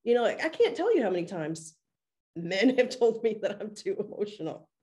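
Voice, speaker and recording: A woman's voice: mid-range voice, sing-song, fairly quick, dark tone. A woman co-hosting a podcast, talking earnestly and at length in a casual discussion, now and then laughing at herself. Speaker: podcast co-host.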